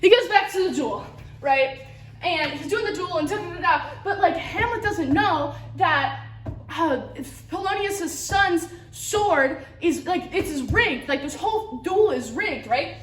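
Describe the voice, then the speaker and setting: A very high-voiced woman rambles through a plot summary for her class, giggling and leaning on filler words. She sounds distant, picked up from across an echoey classroom. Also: lively intonation, a little slow, fairly bright tone. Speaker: student giving a class presentation. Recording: roomy, from a distance.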